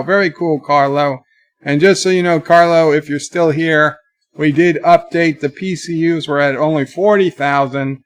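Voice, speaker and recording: A man hosting a casual livestream, rambling through a story with animated outbursts and reading viewer chat aloud. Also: a little high, a little slow. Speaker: live stream host.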